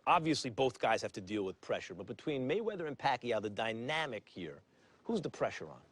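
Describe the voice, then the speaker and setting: A man's voice: mid-range voice, sing-song, a little fast. A man hosting a broadcast sports interview, asking polished, leading questions of retired boxers. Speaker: interviewer, co-host.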